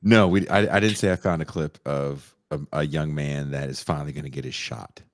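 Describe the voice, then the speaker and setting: A man co-hosting a podcast in casual chat, bantering in a wry, expressive way. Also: very deep voice, brisk. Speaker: podcast co-host.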